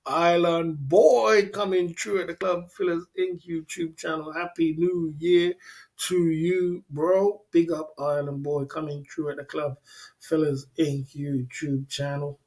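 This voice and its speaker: A man's voice: on the high side, flat delivery, a little slow, a little mellow. Slangy, chatty male livestream host. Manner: repeats phrases, slangy, laughs often. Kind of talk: casual livestream chat.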